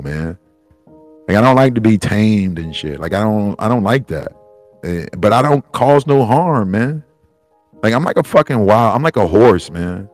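Low-voiced man musing aloud, profane. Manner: rambling, profane, heartfelt. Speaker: podcast host. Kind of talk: solo reflective monologue.

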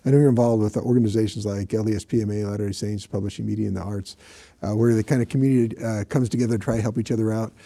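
A man's voice: fairly low pitch, fairly even intonation, racing, vocal fry, warm tone. A man hosting an interview, asking curious questions and murmuring agreement. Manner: curious, back-channels with mm. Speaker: interviewer host.

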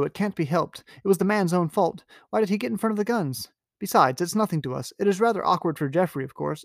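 A man voicing a callous, witty aristocratic English gentleman in a raised, mock-posh reading voice. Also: high-pitched, vocal fry, no room sound, studio quality, voice pushed up.

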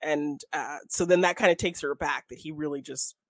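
A woman's voice: low-pitched, normal speed, no room sound. A young woman co-hosting a casual film chat, talkative, laughing often and acting out scenes in quoted voices. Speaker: podcast co-host reviewing a film.

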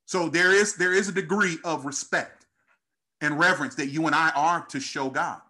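A man's voice: moderate pace, sharp tone. A man preaching a sermon, calling out to the congregation and building in intensity as he reads scripture. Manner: call-and-response preaching, rising in pitch and intensity.

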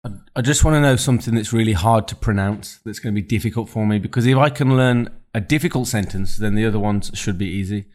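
A man hosting a casual podcast interview, reading out sentence starters slowly like a quiz. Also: fairly low pitch, darkish tone. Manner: quiz-style prompting, drawn-out sentence starters. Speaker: podcast host.

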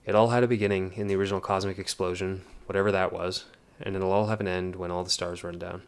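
A man's voice: sits low, level tone, fast talker. A man voicing a cynical male technician who talks bluntly and scoffs. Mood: scoffing.

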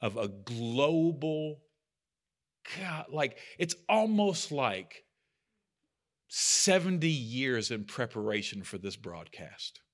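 Speaking slowly with big swings in his medium-pitched voice, a man leads a bible study. The teaching is casual and earnest, with self-deprecating remarks mixed in.

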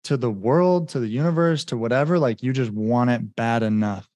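A man's voice: mid-range voice, moderate pace, a little mellow, no echo, clean studio sound. Earnest man telling a story on a podcast. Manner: earnest, heavy use of "like" fillers, acts out remembered dialogue. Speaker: podcast guest. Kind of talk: casual storytelling in a podcast conversation.

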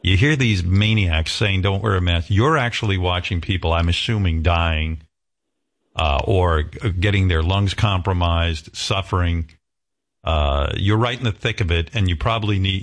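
A man hosting a radio talk show, blunt, sarcastic and swearing freely. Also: deep voice.

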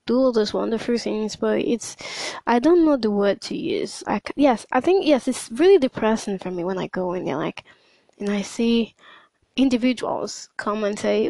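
A woman's voice: medium pitch, moderate pace, vocal fry, dark tone, no echo, rough recording. A young woman talking casually in a hesitant monologue, full of fillers and restarts. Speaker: podcast host.

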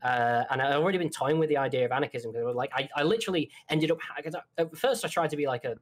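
A man's voice: fairly high pitch, very fast. A young man in his twenties from Manchester with a Mancunian accent, talking casually as a podcast guest, swearing often and full of fillers. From Manchester, England. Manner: swears a lot, many fillers and restarts.

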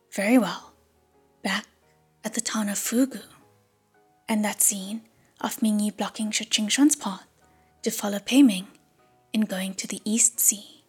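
A woman narrating an audiobook in a hushed whisper. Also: mid-range voice, breathy edge.

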